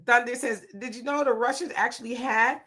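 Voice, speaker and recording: Bright, fairly high woman, casual livestream chat, laughing and playful. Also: steady tone, brisk, breathy edge. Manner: laughing, playful, reads viewer comments aloud. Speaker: livestream co-host reading chat.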